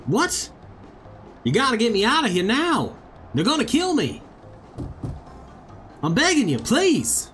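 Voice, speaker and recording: A man's voice: huge pitch swings, measured pace, pauses often, fairly bright tone, soft background music, exaggerated voice. A man voicing a frantic, brash young prisoner in a game, pleading and cocky in turns. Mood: panicked. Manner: high, urgent and cocky.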